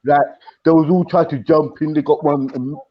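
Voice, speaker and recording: A man's voice: a little high, steady tone, moderate pace. Rambling young man, slightly muffled. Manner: rambling gossip, swearing. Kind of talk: casual livestream chat.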